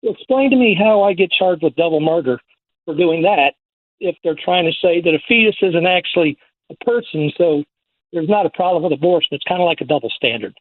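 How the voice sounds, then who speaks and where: A man's voice: fairly high pitch, lively intonation, a little fast. A man calling in to a talk radio show, asking questions and arguing his point earnestly. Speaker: caller. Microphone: telephone. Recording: tinny phone line.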